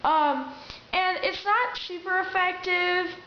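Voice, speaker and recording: A woman's voice: very high voice, slow pace, slight background noise. A young woman talking to camera in a casual, chatty way with restarts, giving advice on acting. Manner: chatty, with restarts and acted-out quotes. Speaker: vlogger giving acting tips. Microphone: camera mic. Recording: roomy, dull lo-fi camera audio.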